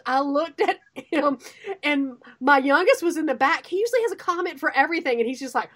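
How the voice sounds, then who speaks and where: High-voiced animated woman co-host. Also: fast. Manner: animated storyteller, acts out quotes. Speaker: radio show co-host. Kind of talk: casual chat.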